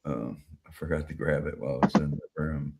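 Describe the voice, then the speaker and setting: A man's voice: a bass voice, steady tone, brisk, gravelly, heavy background noise. A man hosting a live stream, chatting casually and rambling with many fillers and casual swearing.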